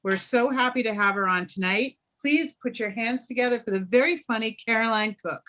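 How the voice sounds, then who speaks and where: A woman's voice: on the high side, brisk, noisy background. A woman hosting an online comedy show, introducing the next comedian in an upbeat, playful way.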